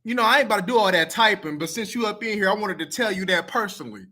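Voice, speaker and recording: A man speaks directly to camera in a very fast, high-pitched voice with lively intonation and a sharp edge. This video commenter is blunt, profane and heated, repeating himself casually to drive his point home.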